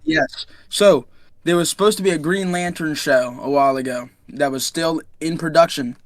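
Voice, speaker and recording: A man's voice: a little high, normal speed, no room sound. Dry-sounding young man reading news. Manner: reads out news items, stumbling over names. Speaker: podcast co-host. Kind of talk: casual chat.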